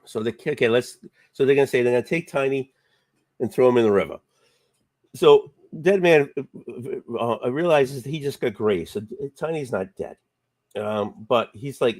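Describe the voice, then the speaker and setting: A man's voice: normal speed, no room sound. Rambling man retelling a comic. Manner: rambling, acts out character lines with bursts of pitch. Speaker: comic book reviewer. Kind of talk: casual retelling of a comic story.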